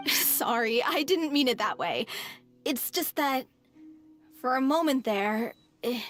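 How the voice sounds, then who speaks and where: An actress playing a gentle young woman in a theater troupe, speaking softly and fondly, in game voice acting. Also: high voice, animated, takes it slowly, soft background music, full character voice.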